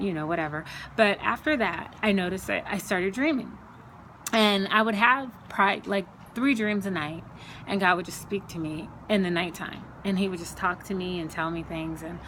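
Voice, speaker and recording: A woman with a slightly low voice tells her personal faith testimony, unscripted and earnest. She circles back, repeats words and leans on fillers as she talks. A faint ambient hum sits under the recording. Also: a bit bright. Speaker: Christian speaker sharing her testimony.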